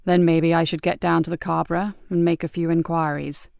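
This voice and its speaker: A woman voicing a weary, steady male police sergeant who talks low and measured. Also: gravelly, smooth, no room sound, studio quality. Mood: calm.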